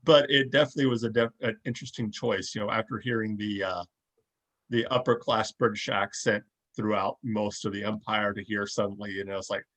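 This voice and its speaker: A man's voice: fairly low pitch, steady tone, a little fast, fairly bright tone, rough recording. A man co-hosting a show, speaking thoughtfully and searching for his words as he goes. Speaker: podcast co-host. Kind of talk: casual chat.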